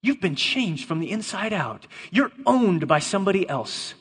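Man preaching, jokey and emphatic, bright sharp voice, echoey big hall. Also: high-pitched, sing-song, normal speed, husky. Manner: playful, jokes with volunteers, emphatic. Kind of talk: lively sermon. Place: church hall before a congregation. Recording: long reverb of a large hall.

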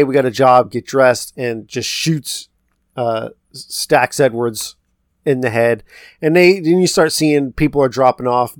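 Speaking in a mid-range voice, this male podcast co-host gives a loose, rambling retelling of a movie, repeating characters' quotes in a relaxed way. The recording is dry and of studio quality.

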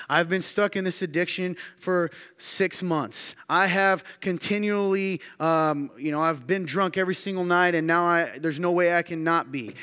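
A man preaches a lively sermon, his voice sitting a little high for a man. He punches out rising questions, then falls back to quiet, confiding asides. A long reverb trails every line through the hall. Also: moderate pace, few pauses, clear, resonant tone. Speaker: pastor. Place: church hall with audience.

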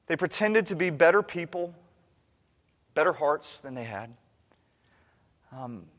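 A man preaching a sermon as pastor, swinging from hushed asides to loud, impassioned appeals. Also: fairly high pitch, in a large hall.

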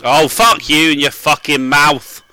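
A man's voice: a little high, unhurried, soft background music. A man chatting and swearing while playing a co-op game with friends. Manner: swearing, laughing, excitable. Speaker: gamer. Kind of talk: casual game chat.

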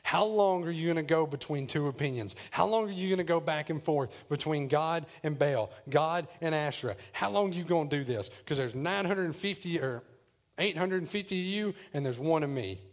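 A man's voice: fairly high pitch, moderate pace, natural voice. A man voicing a bold, defiant prophet who mocks his rivals with brash trash talk. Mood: challenging.

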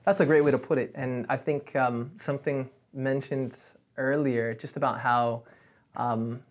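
A man co-hosting a casual chat, speaking earnestly and reflectively, often answering with a soft "mm". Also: mid-range voice, steady tone, measured pace. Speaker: co-host.

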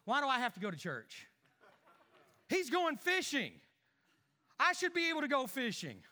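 A man's voice: very high voice, huge pitch swings, moderate pace, bright, forceful tone, in a large hall, heavily acted. A man acting out a petty, grumbling married churchgoer who mutters complaints under his breath and puts on fake cheer for others, in a comic sermon skit.

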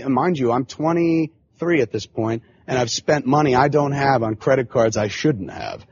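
A man's voice: mid-range voice, darkish tone, muffled recording. A man in his forties hosting a podcast, telling a long casual story full of swearing and filler phrases. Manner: profane, rambling, frequent filler phrases. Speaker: podcast host.

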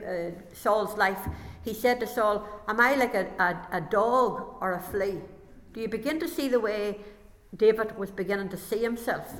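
A woman's voice: medium pitch, a bit bright. A woman preaching a sermon and reading scripture aloud, lifting her voice dramatically for the quoted lines. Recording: long hall reverb.

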